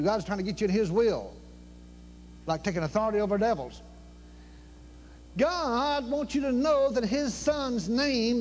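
A man preaching in a folksy manner, telling stories and acting out the dialogue, swinging between quiet murmurs and loud cries. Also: high voice, slight background noise. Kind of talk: storytelling sermon.

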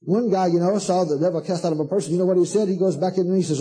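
A man's voice: sits high, racing, mellow, breathy edge, poor audio. A man preaching a sermon to a congregation, fervent and emphatic, repeating himself and calling listeners "honey".

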